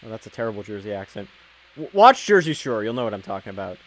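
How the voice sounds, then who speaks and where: A man giving casual, jokey commentary over a video game he is playing, talking freely and breaking into loud excited outbursts. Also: fairly low pitch, fast talker. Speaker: let's play commentator.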